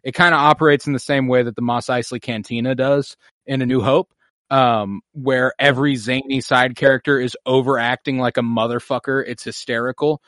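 A man co-hosting a podcast in casual chat about a film, lively and prone to acting out quotes. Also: mid-range voice, a little fast, dry recording, clean studio sound. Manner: animated, puts on silly voices when quoting scenes. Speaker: podcast co-host. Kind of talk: casual movie discussion.

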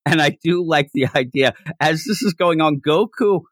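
A man's voice: a little high, normal speed, no room sound. Man chatting in a dry, close sound. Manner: rambling, animated retelling with frequent restarts. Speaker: podcast host. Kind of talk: casual chat recapping a manga chapter.

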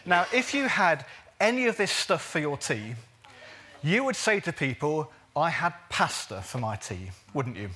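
Bright-voiced preacher. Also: male voice, fairly high pitch, sing-song, a little slow. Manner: earnest, jokey asides, stretches words for emphasis. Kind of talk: sermon.

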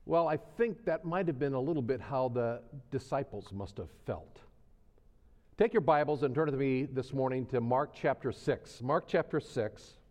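A male pastor preaching in a folksy, conversational way, with a voice of ordinary middle pitch. He repeats phrases for emphasis and lets his voice fall soft at the ends of points. His voice carries a long reverb from a church sanctuary. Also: moderate pace. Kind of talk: sermon.

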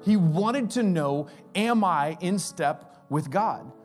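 A man in his forties preaching a sermon as pastor, energetic and acting out the voices he quotes. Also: high voice, slow, faint music behind.

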